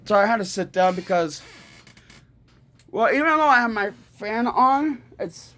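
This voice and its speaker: A woman's voice: mid-range voice, expressive, fairly bright tone. A woman ranting angrily to camera in a vlog, swearing often and stumbling over restarts. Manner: angry, profane, halting with restarts. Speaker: vlogger.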